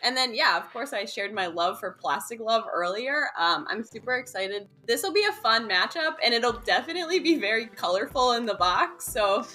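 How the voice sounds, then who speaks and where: Bright, high-voiced bubbly woman. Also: expressive, normal speed, few pauses. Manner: bubbly, enthusiastic, says "like" a lot. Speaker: co-host. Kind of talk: casual chat.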